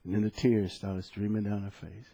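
A man preaching a sermon as pastor, telling a personal story, swinging between loud exclaiming and soft, hushed storytelling. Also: lowish voice, little pitch movement, normal speed, breathy edge, highs cut off.

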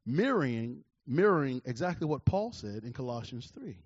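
A man in his forties preaching a sermon, calling out to the congregation and swinging between loud declarations and hushed, slow asides. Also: medium pitch, very animated, husky, dry recording, lo-fi sound. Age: 40s. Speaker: pastor.

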